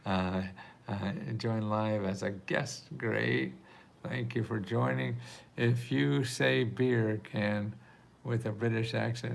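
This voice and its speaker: In a casual live Q&A, an older man hosts a video stream and answers viewer questions about grants, chatty and rambling with frequent laughter. His mid-range voice is creaky, with slight background noise.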